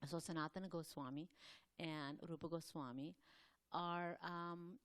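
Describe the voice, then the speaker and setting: A woman giving a scripture class, talking quickly in a loose, rambling way with many fillers and pauses to clear her throat. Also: deep voice, fairly even intonation. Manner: fast, rambling, loosely structured delivery. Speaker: class speaker at a temple.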